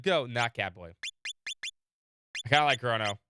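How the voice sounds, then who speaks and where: A man's voice: mid-range voice, animated, a little fast, background noise. A man with a sore throat chatting casually on a live game stream and reading the game's story text aloud. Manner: chatty, talks to chat between readings, laughs often. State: sore throat, recovering from illness.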